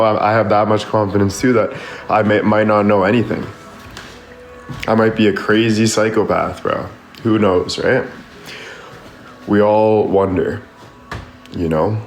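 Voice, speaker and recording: A man on a livestream, giving casual motivational talk in a rambling way, full of "like" and "you know". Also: fairly low pitch. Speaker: social media creator on a livestream. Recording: echoey room with faint music behind.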